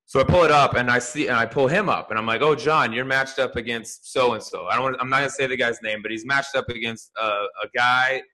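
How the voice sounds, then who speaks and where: A man co-hosting a sports podcast, telling stories in a loose, animated way with plenty of restarts and fillers. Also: fairly low pitch, rough recording. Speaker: podcast co-host, golf fantasy analyst. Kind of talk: casual podcast chat.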